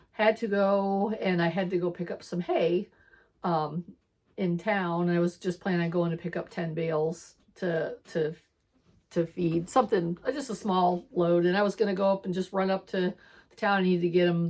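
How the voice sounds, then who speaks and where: A woman's voice: lowish voice, a little mellow. A woman telling a personal faith story in a casual, rambling way, quoting herself and often laughing between lines. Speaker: storyteller of her faith testimony. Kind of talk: casual spoken testimony.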